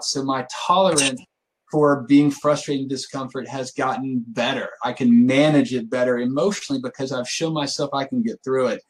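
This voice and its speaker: A man co-hosting a podcast, a youth soccer coach explaining his views earnestly with quick rhetorical asides. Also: medium pitch, low-quality recording. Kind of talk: casual podcast chat.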